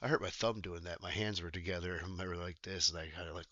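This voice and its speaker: Man, streamer, low-pitched, rambling chat, lo-fi dry close mic. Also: fairly even intonation, a little fast, dry recording. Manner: meandering, self-interrupting, with sudden loud exclamations. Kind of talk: rambling casual chat while gaming.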